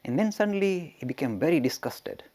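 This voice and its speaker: A man giving a storytelling lecture as a religious teacher, animated and chuckling, with rhetorical questions. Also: a little high, a little fast.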